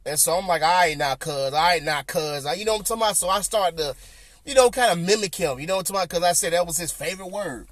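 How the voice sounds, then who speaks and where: A man with a Southern US accent hosting a podcast, telling a personal story in casual chat, animated and repetitive, acting out what people said. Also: high-pitched, rapid-fire, no room sound. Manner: animated, repeats himself, acts out quotes. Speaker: podcast host.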